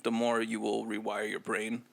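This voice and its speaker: A man's voice: fairly low pitch, monotone, normal speed, creaky. A man co-hosting a casual podcast, giving loose, profane, jokey advice. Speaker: podcast co-host.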